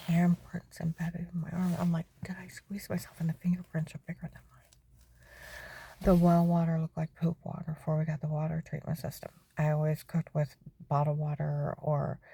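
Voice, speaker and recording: Low, gravelly, husky-voiced woman. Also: warm tone, no room sound. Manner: keeps asking "okay?", often drops into whispers. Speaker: storyteller recounting her own experiences. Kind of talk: personal testimony monologue.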